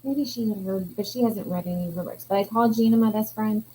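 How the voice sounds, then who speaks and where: A woman co-hosting a casual chat show, chatty and quick to chime in with short agreement. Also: medium pitch, dark tone, slight background noise, low-quality recording. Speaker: podcast co-host.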